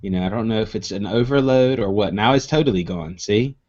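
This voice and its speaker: A man co-hosting a live online show chats casually, rambling with many restarts and plenty of "you know"s. His voice is fairly low, darkish and a little fast, heard through dull lo-fi stream audio.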